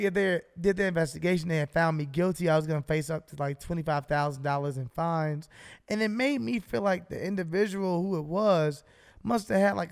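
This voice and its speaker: A man's voice: on the high side, clear, resonant tone, long reverb tail. A man co-hosting a podcast, telling a long, profane story in a casual chat and acting out both sides of a phone call. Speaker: podcast co-host.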